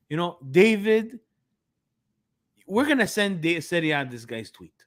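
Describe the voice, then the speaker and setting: A man co-hosting a football podcast, talking in an animated, sarcastic, ranting way. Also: high voice. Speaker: podcast co-host. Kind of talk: casual podcast chat.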